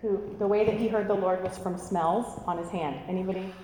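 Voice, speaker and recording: A woman preaching and telling stories with lively, animated delivery, putting on voices for the people in them. Her voice rings through a large hall with a long, echoing reverb. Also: medium pitch, brisk, slight background noise. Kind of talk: sermon storytelling.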